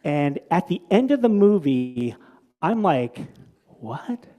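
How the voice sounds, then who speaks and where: Before a live congregation, a man preaches in a conversational way, restarting and repeating words as he tells stories, then asking the audience questions. His fairly high, mellow voice swings widely in pitch and moves a little slowly.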